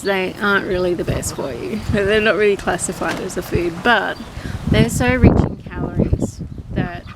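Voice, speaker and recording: Giggly woman with loud ducks behind. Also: on the low side. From Australia. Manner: chatty, giggly, rambling with frequent fillers. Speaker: vlogger. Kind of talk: casual vlog talking to her ducks. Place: outdoors with her ducks. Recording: noisy outdoor recording with ducks. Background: loud duck quacking.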